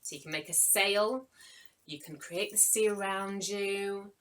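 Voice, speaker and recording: Bright, chatty woman leading a kids' workshop. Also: mid-range voice, unhurried, low-quality recording. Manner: chatty and encouraging, reading out viewers' names. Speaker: children's author running a live workshop. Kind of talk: live online children's workshop.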